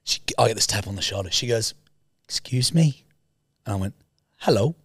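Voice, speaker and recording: A man's voice: on the low side, steady tone, racing, sharp tone, breathy edge, no echo, studio quality. An Australian man co-hosting a podcast, telling a crude, joking story in casual chat. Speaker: podcast co-host.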